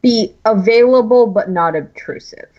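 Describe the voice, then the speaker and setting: A woman's voice: fairly high pitch, measured pace. A woman talks through her character's plans at a tabletop game. She hedges and restarts as she speaks. The sound is muffled and lo-fi. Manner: hesitant, hedging. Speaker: player. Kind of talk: casual chat at a game table. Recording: dull lo-fi sound.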